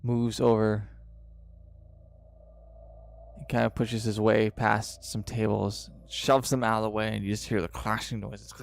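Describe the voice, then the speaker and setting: A man narrating a tabletop game as game master, in a dramatic, drawn-out style with pauses. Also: lowish voice, flat delivery, gravelly.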